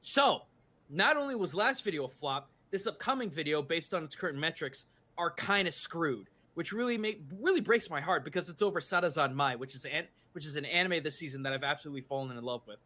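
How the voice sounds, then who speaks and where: A man's voice: a little high, expressive, brisk, bright, forceful tone. A man chatting casually on a live stream, frank and given to blunt rants. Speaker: art streamer.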